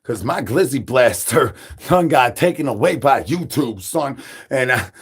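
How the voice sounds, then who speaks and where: Husky man rattling off comic nonsense. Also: medium pitch, lively intonation. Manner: rapid rhyming nonsense with repeated catchphrases; calls for brains like a zombie. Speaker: comedy streamer. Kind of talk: crude absurd comedy monologue.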